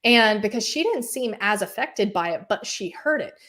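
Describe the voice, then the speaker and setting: A woman telling a personal story in casual, animated talk, often saying "like" and acting out what people said. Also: mid-range voice, normal speed. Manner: animated, acts out quoted voices. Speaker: podcast host appearing as guest.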